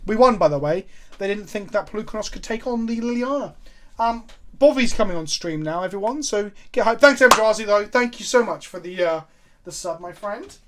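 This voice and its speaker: A man's voice: sits high, a little fast, slight background noise. A man streaming a card game, chatting casually, joking and swearing freely as he plays. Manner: animated, jokey, swears freely. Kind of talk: casual chat while gaming.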